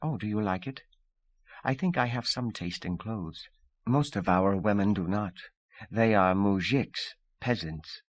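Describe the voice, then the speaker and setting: A man's voice: mid-range voice, animated, moderate pace, dry recording, natural voice. A man voicing a proud young woman who speaks in a formal, stiff way. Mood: poised. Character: proud young Russian woman, imperious then charming.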